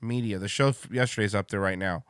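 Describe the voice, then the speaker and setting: Excitable male stream host, loud casual chatter, cursing, dry mic. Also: fairly low pitch, fairly quick, smooth, no room sound. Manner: loud, excitable, swears freely. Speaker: livestream show host. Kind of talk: casual livestream chat.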